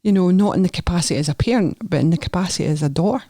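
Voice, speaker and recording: A middle-aged woman with a Scottish accent, a nurse therapist talking as a guest on a podcast, chatty and animated as she tells her story. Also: fairly low pitch, very fast, no echo, studio quality. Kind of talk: candid podcast conversation.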